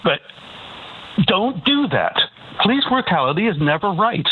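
A man's voice: sits high, big pitch swings, measured pace. A man calling in to a radio show, talking in an agitated way with many restarts. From Canada. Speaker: caller. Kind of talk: call-in radio talk. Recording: tinny phone line with hiss.

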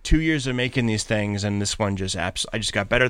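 A man's voice: fairly low pitch, lively intonation, fairly quick, a bit bright, clear, resonant tone, no echo, clean studio sound. A man from Pittsburgh, a traveling content creator, telling stories as a guest in an interview and acting out what people said to him. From Pittsburgh, USA. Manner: enthusiastic storyteller, acts out quotes. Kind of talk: animated interview chat.

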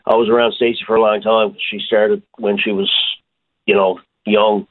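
Male coach, halting, low-ish voice, tinny phone line. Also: flat delivery. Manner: halting, repeats words, many fillers. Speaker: hockey coach. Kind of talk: phone interview.

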